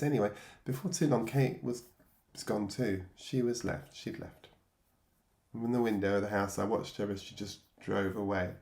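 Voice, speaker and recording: This is a middle-aged man from England telling his own life story, his voice on the low side, creaky and darkish, with reverberation around it. Reflective and wry, he laughs at himself and mimics voices he recalls.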